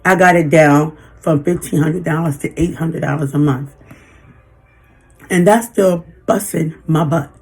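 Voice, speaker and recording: A woman in her fifties venting in a personal vlog, halting and emotional, holding back tears. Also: sits low, breathy edge. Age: 50s. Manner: emotional, halting, frequent restarts. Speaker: vlogger.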